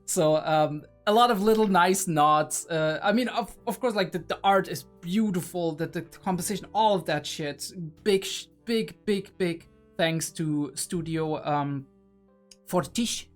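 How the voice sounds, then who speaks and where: A man's voice: high voice, a little slow, hardly any pauses, faint music behind. A young adult man hosting a reaction video, musing aloud in a casual, rambling way with many fillers and restarts.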